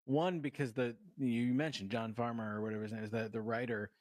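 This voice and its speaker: A man's voice: mid-range voice, steady tone, a little fast, darkish tone, no echo. A man co-hosting a casual movie review podcast, talking in a rambling way with many fillers, restarts and swearing. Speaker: podcast co-host.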